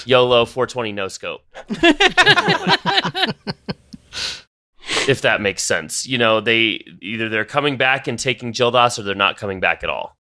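A man narrating a tabletop game as game master, halting and full of fillers. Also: mid-range voice, huge pitch swings, bright, forceful tone.

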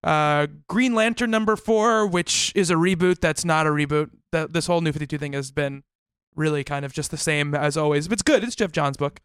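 A man's voice: on the high side, a little fast, fairly bright tone, smooth, no echo. A man co-hosting a casual podcast chat, reading off a release list and laughing often. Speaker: podcast co-host.

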